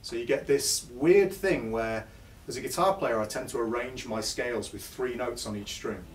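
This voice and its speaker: A man's voice: medium pitch, moderate pace. A man giving a chatty, self-deprecating live guitar lesson to an audience in a music store. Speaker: guitar clinician. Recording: echoey shop recorded from far off, with guitar. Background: guitar playing between phrases.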